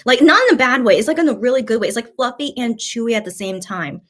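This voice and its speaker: A bubbly young woman talks her way through a home mukbang live stream, chatty and loose with lots of fillers. Her voice sits a little high, and she reads her viewers' comments aloud between bites. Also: quick pace, fairly bright tone. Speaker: mukbang vlogger. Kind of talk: casual live-stream chat.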